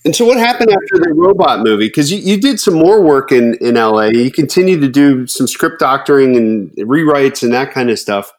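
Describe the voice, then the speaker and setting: Man, podcast host, conversational, mid-pitched. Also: animated, brisk, few pauses, a little mellow. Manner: conversational, with restarts and "I mean". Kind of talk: casual podcast interview.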